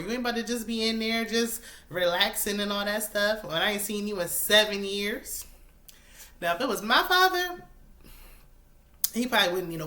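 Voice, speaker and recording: A woman, casually recapping a reality show with sassy, animated asides. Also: medium pitch. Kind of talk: casual chat.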